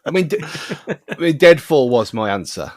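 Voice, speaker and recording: A man's voice: on the high side, big pitch swings, moderate pace, a little mellow, dry recording, studio quality. A man co-hosting a podcast in casual chat, hesitant and often laughing. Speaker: podcast co-host.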